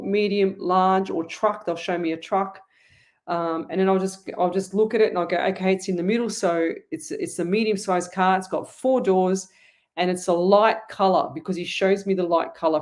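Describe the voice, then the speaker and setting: A woman's voice: mid-range voice, darkish tone. Middle-aged aussie lady doing live psychic readings, talks on and on, keeps restarting her sentences. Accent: Australian. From Australia. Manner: chatty, rambling, full of restarts and asides. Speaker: psychic medium host. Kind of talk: live online reading, answering viewer comments.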